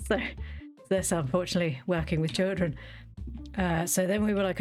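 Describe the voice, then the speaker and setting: A woman's voice: on the low side, normal speed, pauses often, faint music behind. A woman chatting casually while streaming a game, rambling and self-interrupting with playful asides. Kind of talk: casual gameplay chat.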